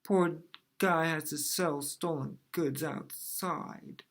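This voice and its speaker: A man's voice: fairly high pitch, steady tone, normal speed, background noise. A man in his thirties from New Orleans, telling stand-up jokes in a dry, conversational way. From New Orleans, USA. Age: 30s. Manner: dry, conversational joke delivery. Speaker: comedian. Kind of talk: stand-up set.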